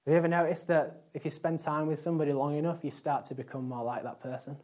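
A man in his thirties with a Yorkshire accent, preaching a sermon in a chatty, rambling way with fillers, growing louder on key points. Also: a little high, steady tone, quick pace. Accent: Yorkshire English. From Yorkshire, England.

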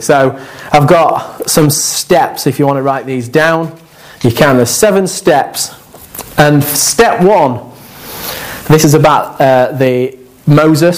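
A man preaching a conversational sermon, animated and joking, with asides to the congregation. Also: mid-range voice, poor audio.

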